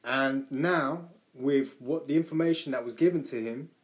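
A man's voice: mid-range voice, normal speed. A man from the UK, co-hosting a casual podcast, talking emphatically with swearing and many fillers. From United Kingdom. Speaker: podcast co-host.

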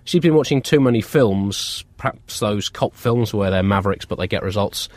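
A man co-hosts a comedy podcast, spinning deadpan, absurd riffs and chuckling at his own lines. His pitch swoops up and down freely. The recording is dry and close. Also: normal speed, no echo. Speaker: podcast co-host. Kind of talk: scripted comic chat.

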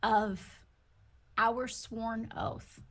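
A woman delivers a formal political statement in slow, measured phrases. She pauses often and presses each word deliberately. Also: fairly high pitch, fairly even intonation. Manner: deliberate, halting. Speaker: politician giving a speech.

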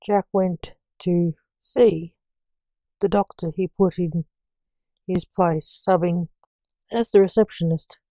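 A woman narrating a story in a measured, steady reading voice. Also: lowish voice, dry recording.

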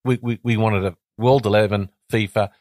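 An Australian man in his fifties spins animated stories as a guest. He often doubles back on his words as he goes. His voice sits dry and close to the mic. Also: on the low side, moderate pace, dry recording. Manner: animated, repeats words and restarts. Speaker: guest, former cricketer. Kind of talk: casual storytelling.

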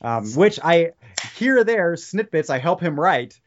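A man's voice: on the high side, sing-song, a little slow, a little hiss or hum. Rambling podcaster man. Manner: rambling, with frequent restarts and tangents. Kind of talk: casual podcast chat. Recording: slightly dull lo-fi podcast audio.

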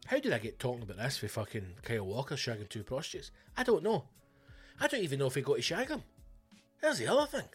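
A man's voice: medium pitch, very animated, fast, breathy edge, faint music behind. A Scottish man, a comedian and podcast host, telling a blunt, ranting comic story full of swearing. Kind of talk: casual comic storytelling monologue.

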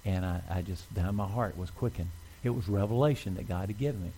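A man's voice: low voice, brisk, warm tone, husky, rough recording. A man preaching a sermon in a church, talking conversationally and asking the congregation questions. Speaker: pastor.

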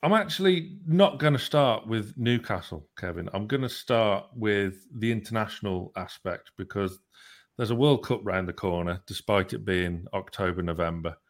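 Brief: young male football podcast host, playful, rambling, low-pitched. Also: normal speed. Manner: chatty, hesitant with many ums, playful. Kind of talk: casual chat and interview hosting.

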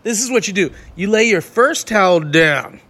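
High-voiced man telling crude road stories. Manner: crude, animated, quick to laugh. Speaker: touring performer. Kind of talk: raunchy casual storytelling.

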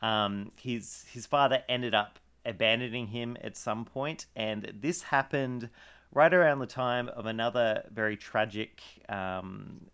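A man's voice: medium pitch, a little slow, fairly bright tone, smooth. Chatty man co-hosting a true-crime podcast. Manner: chatty, laughs often, many fillers. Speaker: podcast co-host. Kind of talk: casual true-crime chat.

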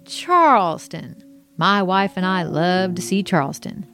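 A woman's voice: fairly low pitch, expressive, unhurried, a bit bright, faint music behind. A woman reading as a sweet, upbeat elderly man, a retired fire chief who talks in a folksy, polite, easygoing way. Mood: friendly.

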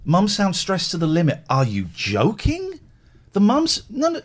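A man hosting a chat show, telling stories in a rambling, animated way. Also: high-pitched, a little slow. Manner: rambling, lively, mimics others. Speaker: podcast host.

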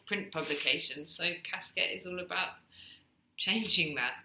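A woman with a low, very bright voice that swings widely as she talks, animated and quick to laugh. She chats casually as a podcast guest. The room around her is echoey. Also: creaky, a little hiss or hum. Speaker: guest, magazine founder.

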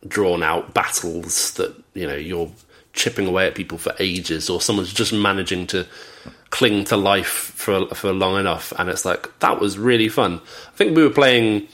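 A man's voice: low voice, normal speed, a bit bright. A man co-hosting a podcast, chatting casually and rambling through stories with many fillers. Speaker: podcast co-host. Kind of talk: casual chat.

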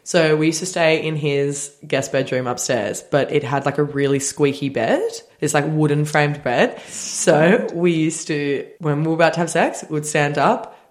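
A young woman trading stories on a chat podcast, with a low voice for a woman. She talks bluntly and breaks into laughter often. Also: steady tone, normal speed. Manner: blunt, giggly, joking. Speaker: podcast co-host. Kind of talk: casual chat.

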